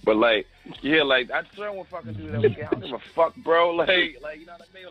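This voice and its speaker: A man's voice: a little high, animated, fast talker. A man who served as a Marine, talking in casual, profane, joking chat as a podcast co-host. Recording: muffled lo-fi podcast audio, faint music.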